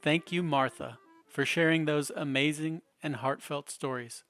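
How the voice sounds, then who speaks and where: A male podcast host giving measured, musing scripted narration with a slightly ominous tone. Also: a little high, fairly bright tone. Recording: dry close voice over faint guitar.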